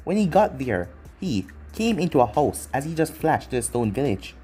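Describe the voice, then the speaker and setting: Man, husky voice, lively pitch, fan fiction narration, run-on sentences, faint music behind. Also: moderate pace. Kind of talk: storybook narration.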